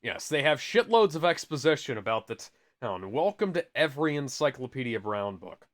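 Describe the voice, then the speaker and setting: Lively man reading a book aloud. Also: mid-range voice, moderate pace. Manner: reads aloud, stops for asides and corrections. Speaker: podcast co-host reading aloud. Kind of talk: casual comic read-aloud.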